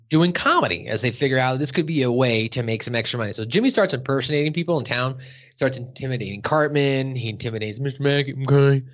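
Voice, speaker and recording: A man's voice: mid-range voice, fairly bright tone. A male podcast host recapping a cartoon episode in loose, casual chat. He rambles, restarts, and drops fillers and the occasional curse word.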